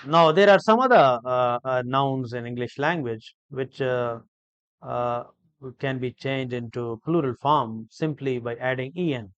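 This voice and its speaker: A man teaching an English grammar lesson, explaining each word slowly and deliberately, with frequent hesitations and repeated phrases. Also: medium pitch, fairly bright tone, clear, resonant tone, dry recording, muffled recording. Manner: slow, deliberate, repetitive explanation with many hesitations.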